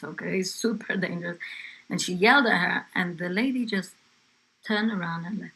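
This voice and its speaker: A woman's voice: on the low side, normal speed, vocal fry, sharp tone, slightly rough, rough recording. An older woman from England telling her grandchild family stories in a conversational way, with fillers and asides. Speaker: interviewee, grandmother. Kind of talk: family history storytelling.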